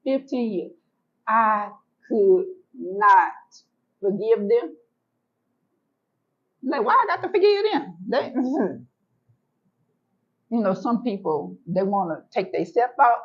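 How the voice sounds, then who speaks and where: A woman telling her own story as an interview guest, animated and emphatic, repeating words for effect and acting out what she said back then. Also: mid-range voice, slow pace, pauses often, dull audio. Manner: colloquial, acts out her own past words. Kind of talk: emotional personal storytelling.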